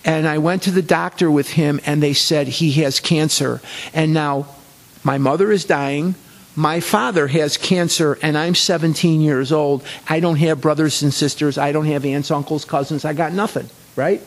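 Man telling his own story, earnest, repeats for emphasis, voice a touch high. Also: fairly even intonation, moderate pace. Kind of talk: personal storytelling talk.

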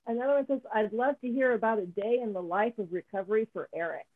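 A woman's voice: fairly high pitch, quick pace. A woman moderating a meeting, reading audience questions aloud in a plain, matter-of-fact way. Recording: tinny phone-like line.

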